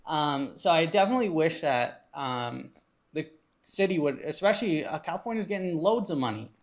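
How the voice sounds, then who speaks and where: Young guy, bit high voice, earnest casual talk. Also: expressive, normal speed. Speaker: co-host. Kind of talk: casual chat.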